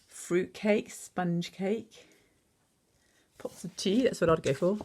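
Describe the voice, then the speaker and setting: A woman teacher reading a picture book aloud, pausing to chat and quiz the listener on words. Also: fairly low pitch, dark tone. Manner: chatty, asks the listener questions.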